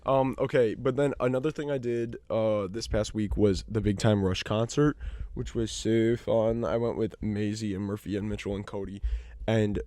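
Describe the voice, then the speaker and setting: A man's voice: on the low side, fairly even intonation, normal speed, warm tone, no room sound. A man co-hosting a casual podcast, telling chatty anecdotes and laughing often. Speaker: podcast co-host. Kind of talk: casual chat.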